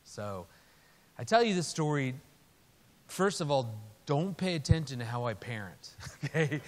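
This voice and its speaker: A man preaches through a family story, slipping into the voices of his characters as he goes. His voice sits at an ordinary middle pitch, and the sound carries a long reverb from a large hall. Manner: animated storyteller, acts out quotes. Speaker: speaker. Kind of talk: storytelling sermon.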